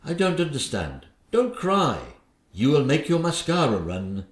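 A man's voice: on the high side, very animated, unhurried. A man voicing a bumbling, henpecked old king with a posh, dithering manner. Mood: flustered. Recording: echoey room.

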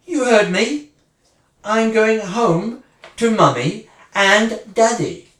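Woman acting a wounded wife, sarcastic, slow-spoken, echoey distant recording. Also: fairly high pitch, animated, a bit bright. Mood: bitter sarcasm. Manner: sarcastic, swinging between mocking and furious. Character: bitter woman leaving her husband, sarcastic and wounded. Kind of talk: dramatic monologue, one side of a phone call. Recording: roomy, distant mic.

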